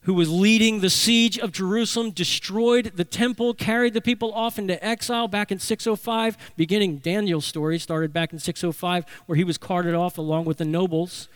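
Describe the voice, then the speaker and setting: A man's voice: high-pitched, moderate pace, hardly any pauses, smooth, no echo. A man preaching a sermon as a pastor, delivering it animatedly. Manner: animated preaching, acting out voices for emphasis.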